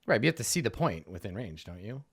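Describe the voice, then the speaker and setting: A man's voice: on the low side, big pitch swings, quick pace, fairly bright tone, slightly rough. A man running a tabletop game as game master, who often hedges his rulings and laughs. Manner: hedging, laughs often, rules talk.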